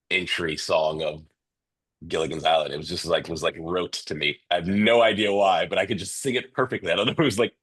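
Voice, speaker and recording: Male coach host, very low nasal voice, casual and rambling, many "uh"s, heard over a video call. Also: a bit bright. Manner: chatty, loose, with many fillers and restarts. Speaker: real estate coach hosting a webinar. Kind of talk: live online coaching session.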